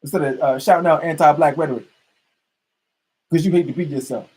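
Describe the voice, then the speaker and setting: A man's voice: on the high side, a little fast, darkish tone, breathy edge, rough recording. A man hosting his own podcast, delivering a heated, preachy monologue full of profanity and repetition. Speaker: podcast host.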